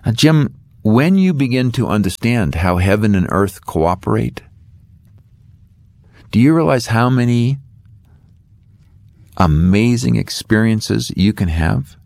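A man's voice: fairly low pitch, slow pace, gravelly, long pauses, no echo. A middle-aged man, an author and guest, telling a faith story and acting out the voices in it. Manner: animated storyteller acting out dialogue.

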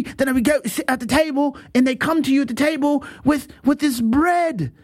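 Animated high-voiced male show host. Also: normal speed. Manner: animated, drops voice low for asides, laughs often. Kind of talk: opinionated commentary.

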